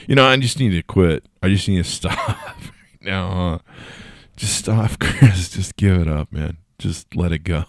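A man's voice: sits low, no echo, studio quality. A man hosting a casual solo news podcast, tired and yawning, rambling with jokes and swearing. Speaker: podcast host.

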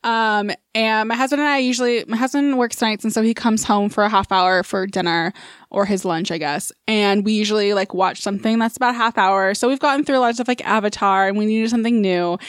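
Chatty woman with a high voice. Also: brisk, smooth, dry recording, studio quality. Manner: chatty, swears freely, laughs often. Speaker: podcast co-host. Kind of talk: casual chat.

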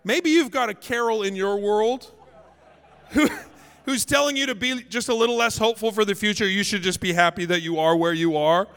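High, gravelly animated preacher man. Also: moderate pace. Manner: animated, comic, acts out scenes. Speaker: pastor. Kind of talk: storytelling sermon. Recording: long hall reverb.

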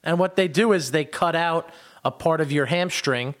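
A man's voice: a little high, normal speed. A man chatting casually as a comedian guest, easygoing and jokey, explaining things plainly. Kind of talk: casual chat.

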